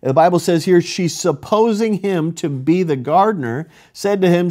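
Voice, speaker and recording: A man's voice: high-pitched, moderate pace, few pauses, a little mellow. A male pastor preaching a sermon in an earnest, emphatic way, reading scripture aloud and drawing out key words.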